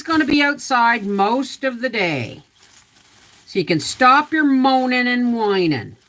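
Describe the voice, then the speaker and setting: Chatty, bright-voiced middle-aged woman. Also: fairly high pitch, big pitch swings, measured pace. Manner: rambling, chatty, greets viewers by name. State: voice slightly off. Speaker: homestead livestream host. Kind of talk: casual livestream chat.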